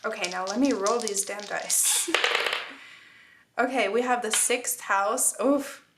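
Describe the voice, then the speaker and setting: A woman's voice: mid-range voice, slow pace, very noisy. A woman giving a casual spoken tarot reading, earnest and emotional, talking with many fillers and restarts. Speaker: tarot reader.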